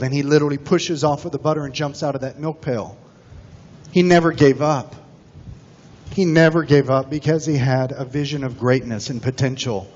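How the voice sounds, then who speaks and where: Man preaching, folksy and lively, slightly high voice, long echo in the chapel. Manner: folksy, animated storytelling preacher. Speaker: senior minister. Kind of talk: sermon. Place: chapel sanctuary. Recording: dull recording, long hall reverb.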